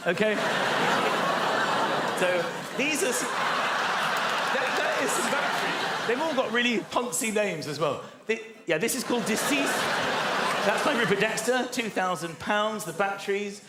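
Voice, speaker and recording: A man performing stand-up comedy in a theatre, animated and excitable, acting out conversations in put-on voices. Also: high-pitched, very noisy. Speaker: stand-up comedian and show host. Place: large theatre with a live audience. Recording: roomy theatre with loud audience laughter. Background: loud audience laughter.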